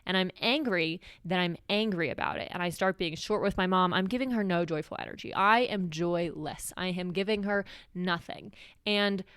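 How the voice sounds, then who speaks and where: A woman's voice: on the low side, brisk, fairly bright tone, clear, resonant tone, no room sound, studio quality. A young woman hosting a podcast, talking candidly and reflectively about her own feelings in a solo, confessional way. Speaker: podcast host.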